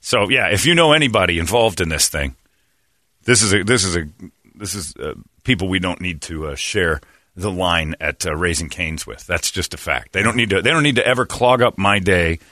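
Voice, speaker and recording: At normal speed, a middle-aged talk radio host rants animatedly with profanity, his pitch rising and falling as he laughs at his own lines in casual banter. The recording is dry with clean studio sound.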